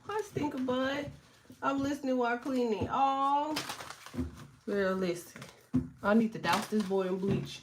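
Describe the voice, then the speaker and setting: A woman's voice: on the high side, a little slow, long pauses, noisy background. A woman in her thirties with allergies, chatting casually and animatedly as a livestream host, joking, swearing and laughing often.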